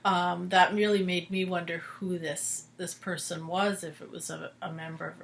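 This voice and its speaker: A woman with a low, gravelly voice talks through the characters' motives in an engaged, analytical way. A faint hiss of noise sits under the recording. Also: little pitch movement, moderate pace. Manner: engaged, analytical, backchannels often. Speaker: podcast co-host discussing a soap opera. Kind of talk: casual chat.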